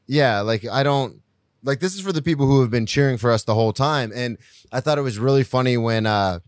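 A man co-hosting a sports podcast with a relaxed, wry delivery and deadpan asides. His voice sits at an average pitch for a man, recorded dry and close to the mic. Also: fairly quick, no room sound. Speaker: podcast co-host. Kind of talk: casual sports chat. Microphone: podcast microphone.

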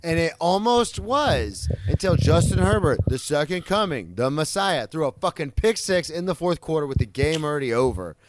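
A young man co-hosting a casual sports podcast, telling stories with animated emphasis and the odd swear. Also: a little high, normal speed, few pauses, slight background noise. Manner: animated storyteller, swears, self-deprecating. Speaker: podcast co-host.

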